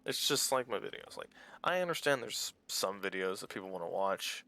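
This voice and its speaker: Gravelly, bright-voiced man rambling over gameplay. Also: sits low, very animated, normal speed. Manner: rambling and candid, swears casually. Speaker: small YouTuber playing a game. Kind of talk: casual let's-play commentary.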